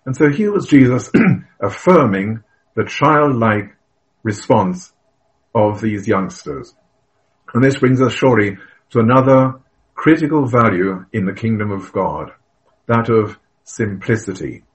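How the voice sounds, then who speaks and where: Earnest low-voiced male preacher. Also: lively intonation, measured pace, rough recording. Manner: earnest, emphatic storytelling with occasional fillers and throat clearing. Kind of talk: sermon.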